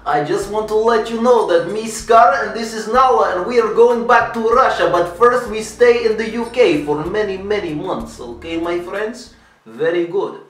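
A slow, blunt Russian traveler, as a man puts him on in a heavy mock accent, sounding bright and forward. The room is echoey and the mic sits a little far off. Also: high-pitched, pitched above the performer's own voice. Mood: boastful. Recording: roomy, from afar, music behind.

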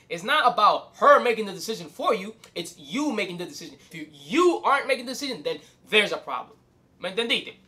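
Man, young adult, host, casual advice rant, bright tense voice, very lively pitch. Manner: animated, swearing, switching between English and Spanish.

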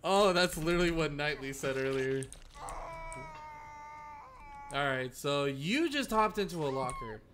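A man giving excitable live commentary while streaming a game, swearing and talking to the players he is up against. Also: fairly high pitch, moderate pace, slight background noise. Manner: excitable, swears, talks to opponents.

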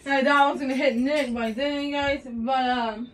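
A woman vlogging to her phone in a giggly, excitable way, calling out to her viewers over and over. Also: high-pitched, moderate pace, recorded from a distance. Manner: giggly, excitable, keeps saying "you guys". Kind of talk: casual phone vlog. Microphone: phone set down nearby.

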